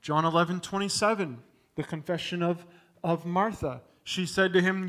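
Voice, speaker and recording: A man preaching a sermon, building to loud emphatic peaks and dropping low for contrast. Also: normal speed. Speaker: pastor.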